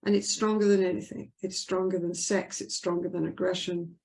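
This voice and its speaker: A woman's voice: lowish voice, flat delivery, a little fast, gravelly, a little mellow. An older woman, a couples therapist, answering interview questions in an earnest, emphatic way and acting out the voices she quotes.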